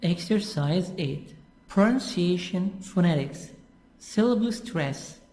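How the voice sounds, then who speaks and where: A teacher explaining English pronunciation slowly, with lots of repetition. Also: mid-range voice, lively intonation, a little mellow, a little hiss or hum. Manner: slow, repetitive and patient. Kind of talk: classroom explanation.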